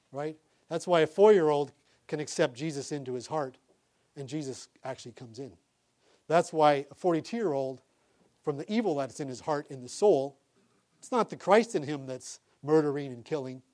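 A middle-aged male pastor delivers a sermon in an animated storytelling manner, often chuckling at his own anecdotes. His voice sits somewhat high for a man.

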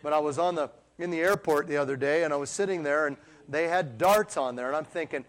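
A middle-aged man preaching a sermon to a congregation, swinging between emphatic calls and quiet asides. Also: fairly high pitch, expressive, moderate pace. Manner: preachy call-and-response, rising to emphatic peaks, dropping to quiet asides. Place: church before a congregation.

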